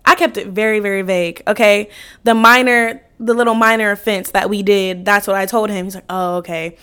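A young woman hosting a podcast, telling a story in a casual, animated way, swearing and acting out the quotes. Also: medium pitch, a little fast, clean tone. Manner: animated, profane, acts out quotes with laughs. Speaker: podcast host.

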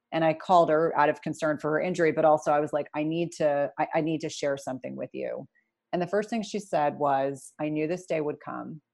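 A middle-aged woman speaks with a notably low pitch as an interview guest. She tells her story candidly and with animation, often restarting her sentences and adding asides. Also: creaky, darkish tone. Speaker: guest, nurse practitioner turned entrepreneur.

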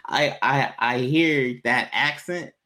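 Man, casual storytelling chat, animated, laughs a lot. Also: slow pace. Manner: animated, jumps to high pitch when quoting himself, laughs often. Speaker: podcast co-host telling a story.

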